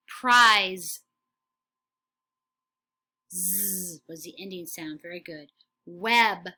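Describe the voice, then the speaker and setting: Slow, bright-voiced woman teacher. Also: medium pitch. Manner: slow, clearly enunciated, encouraging praise. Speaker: kindergarten teacher. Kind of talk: phonics lesson for young children.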